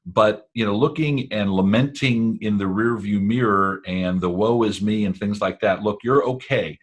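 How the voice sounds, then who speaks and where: A man's voice: fairly low pitch, normal speed. A man talking as a guest business coach in a casual video chat, earnest and repeating words as he restarts.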